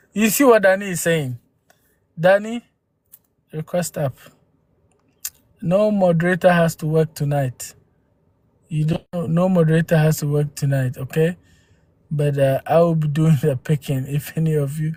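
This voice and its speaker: A man's voice: a little high, steady tone, unhurried, long pauses, darkish tone, dry recording. A man from Ghana, hosting a live stream and arguing with viewers through rhetorical questions and exclamations into a phone. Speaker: livestream host.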